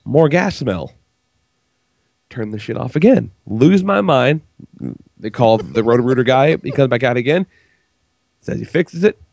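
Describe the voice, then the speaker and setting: Male podcast host who sounds under the weather, gravelly, lively pitch, profane and fed up. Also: a little slow, pauses often, no echo. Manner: profane, exasperated storytelling. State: sick-sounding. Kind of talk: casual chat.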